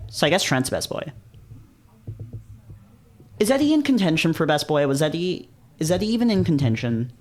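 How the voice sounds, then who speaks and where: Casual man reading a story aloud. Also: on the high side. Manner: casual, swears and laughs, quick animated reactions. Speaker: YouTuber reading a visual novel. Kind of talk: dramatic reading with casual commentary.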